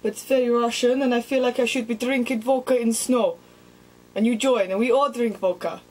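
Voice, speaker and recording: A woman's voice: on the high side, steady tone, a little fast, darkish tone, low-quality recording. A young woman with a cheeky, self-mocking and sweary manner, chatting casually in a comedic vlog. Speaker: vlogger.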